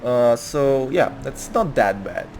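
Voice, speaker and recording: A man talks casually over his gameplay at a middling pitch, rambling and cursing as he goes. He often restarts his sentences mid-thought. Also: animated, vocal fry, darkish tone, slight background noise. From Russia. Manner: rambling, swearing, quick restarts and laughter. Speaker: gaming video host.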